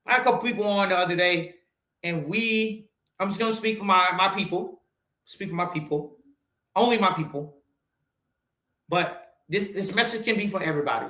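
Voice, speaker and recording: A man in his forties, a podcast host, giving a blunt, profane motivational talk that swings from loud urging to low, quiet asides. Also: moderate pace, pauses often, reverberant. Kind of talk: motivational monologue.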